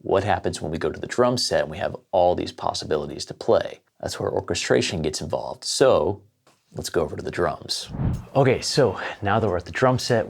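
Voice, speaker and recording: A man's voice: low voice, gravelly. A man teaching a drum lesson, explaining sticking patterns step by step and counting beats aloud. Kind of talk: casual lesson.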